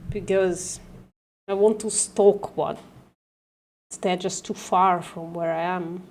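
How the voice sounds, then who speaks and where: A woman hosts a casual livestream and talks slowly with long pauses, her voice sitting on the low side. She stumbles, corrects herself and swears lightly as she works through an argument. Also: fairly even intonation, a little mellow. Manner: halting, self-correcting, swears and laughs at herself. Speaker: livestream host. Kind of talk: casual livestream teaching logic.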